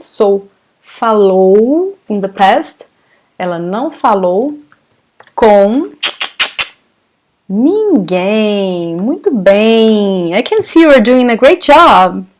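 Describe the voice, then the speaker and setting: A Brazilian woman with a Brazilian Portuguese accent, a native Portuguese speaker teaching a live online language lesson, encouraging her students and often laughing as she reads out their comments. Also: medium pitch.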